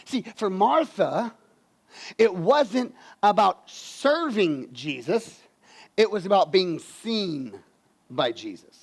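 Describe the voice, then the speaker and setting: A man preaching a lively, folksy sermon as pastor, swinging from loud bursts to quiet, low emphasis. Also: slow, creaky, husky.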